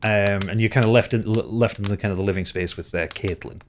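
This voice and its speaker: Low-voiced man narrating a tabletop game. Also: fast talker, a little hiss or hum. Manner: hesitant narration full of fillers and restarts. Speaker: game master.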